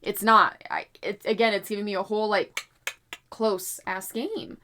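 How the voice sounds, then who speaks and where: Speaking at a medium pitch and a little slowly, this young woman uses tarot to forecast basketball games while chatting with her viewers over a noisy background. Her manner is lively, full of casual swearing and frequent apologies.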